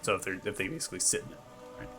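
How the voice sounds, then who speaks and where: A man's voice: deep voice, animated, very fast, sharp tone, soft background music. A man narrating as game master, describing monster moves step by step.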